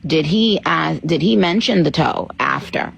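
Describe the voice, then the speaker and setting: Brief: female interviewer with an extremely gravelly, very deep voice, blunt and prying. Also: animated, unhurried, lo-fi sound, soft background music. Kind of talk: probing interview.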